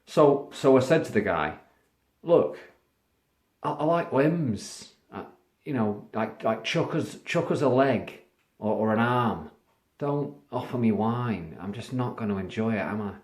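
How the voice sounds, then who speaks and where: A man doing a deadpan limb-eating monster. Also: medium pitch, unhurried, voice pushed up, natural voice. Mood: grumbling. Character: gloomy male monster who eats limbs. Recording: echoey room.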